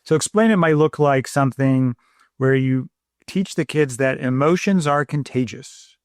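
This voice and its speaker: Calm, measured man explaining parenting. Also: medium pitch, no echo, studio quality. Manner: measured, gentle, repeats words while thinking. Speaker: podcast co-host, parenting doctor.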